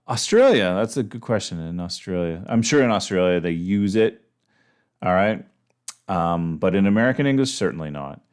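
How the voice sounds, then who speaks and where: A man teaching an English class in a relaxed, chatty way, giving slang examples with a playful tone. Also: low voice, smooth. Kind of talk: casual online English lesson.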